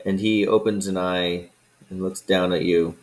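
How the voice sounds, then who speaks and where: A man narrating calmly and descriptively as game master of a tabletop game. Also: low-pitched, unhurried, low-quality recording.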